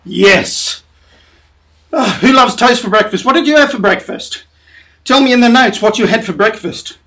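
High-voiced man leading kids' music. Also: lively intonation, normal speed, sharp tone. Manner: cheerful, coaxing, talks straight to young children. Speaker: children's music session leader. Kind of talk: leading a children's music and story session.

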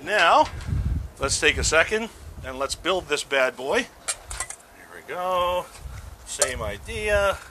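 A man's voice: a little high, animated, slow pace, long pauses, noisy background. A middle-aged man hosting a casual grilling demo outdoors, chatty and self-mocking as he cooks. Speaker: grilling show host.

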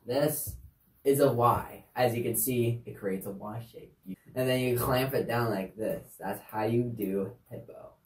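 Speaking a little slowly in a rumbling low voice, this woman casually shows sign language signs for children, keeping it chatty and relaxed with offhand remarks. Her mic sits far away in a room full of echo.

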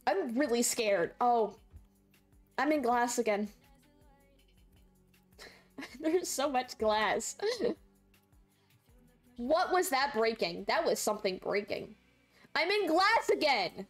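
Young woman streamer, high animated voice, laughs and squeals a lot, bit of music behind. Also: slow, long pauses. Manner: playful, laughs often, squeals when chat trolls her. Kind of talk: live gameplay commentary.

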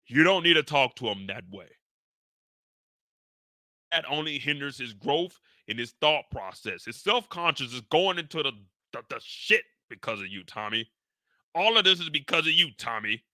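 Dude doing a whiny preachy dad voice, pitched up, tight and sharp. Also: male voice, lively intonation, normal speed, no echo, clean studio sound. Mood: indignant. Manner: whiny, lecturing. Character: indignant middle-aged father, preachy and wounded.

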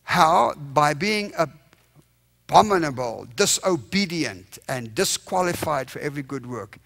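Bright-voiced animated man preaching a revival. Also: on the high side, takes it slowly, gravelly. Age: young adult. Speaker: evangelist. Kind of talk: revival sermon. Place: church sanctuary.

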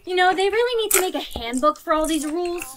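A synthetic woman's voice narrating a story, reading every character's lines in the same even computer voice. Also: very high voice, fast, background noise. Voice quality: synthetic, evenly paced computer voice. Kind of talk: text-to-speech story narration.

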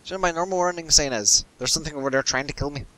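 A man's voice: fairly high pitch, very fast, sharp tone. A man chatting and joking while playing a video game with a friend. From Scotland. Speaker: gamer. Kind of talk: casual let's-play chat.

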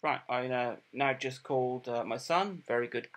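A middle-aged man giving a casual product review, plain and unhurried, with many ums and repeated words. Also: mid-range voice, fairly bright tone. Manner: plain, unhurried and matter-of-fact.

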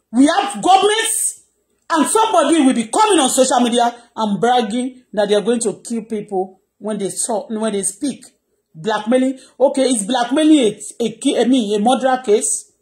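Impassioned Nigerian woman, high voice. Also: a little mellow. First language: Yoruba. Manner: impassioned, raises her voice, mixes in Yoruba. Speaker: blogger. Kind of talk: live social media rant.

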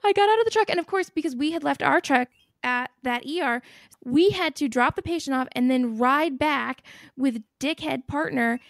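A woman hosting a podcast, telling a story in an animated, casual way, swearing freely and laughing as she goes. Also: high-pitched, moderate pace, no echo, studio quality. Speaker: podcast host.

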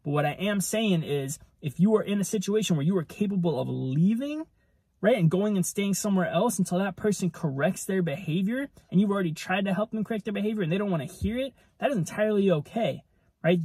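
A man's voice: high voice, warm tone, slightly rough, no echo. A man giving a casual devotional teaching, talking conversationally and tagging nearly every point with "right?". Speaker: ministry preacher.

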